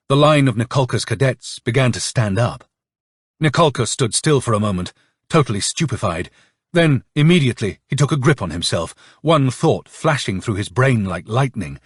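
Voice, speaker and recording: Male narrator, husky and dry, lively expressive reading for an audiobook. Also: mid-range voice, moderate pace, no echo. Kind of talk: scripted narration.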